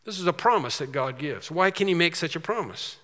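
High-voiced guy preaching verse by verse, asks and answers himself, big echoey hall. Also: lively intonation, fairly quick, pushed and bright. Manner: emphatic preaching with rhetorical questions and answers. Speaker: pastor. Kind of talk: expository sermon.

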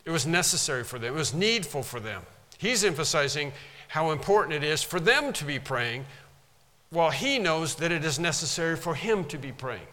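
Teaching from scripture, this preacher has a fairly high, bright voice and a forceful tone, using emphatic repetition to drive points home. His sermon echoes with long hall reverb.

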